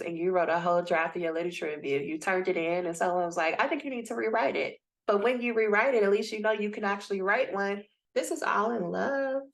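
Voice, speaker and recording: A woman leading a live coaching session for doctoral students. She speaks bluntly and with energy, addressing the group directly over a video call. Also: lowish voice. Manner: lively, blunt, talks straight to the group. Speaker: dissertation coach.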